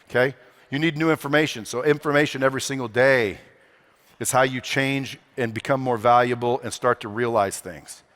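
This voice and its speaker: A man speaking from a conference stage to a live crowd, at a mid pitch for a man. He talks in a brash, salty style, swearing freely. He hammers the room with rhetorical questions. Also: steady tone, normal speed, fairly bright tone. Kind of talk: motivational stage talk. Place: conference hall stage before a live audience.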